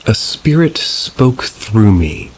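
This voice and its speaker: A man calmly narrating reader-submitted paranormal stories, adding brief asides of his own. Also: on the low side, slow pace, slight background noise, poor audio. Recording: rain sounds mixed behind the voice. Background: steady rain ambience.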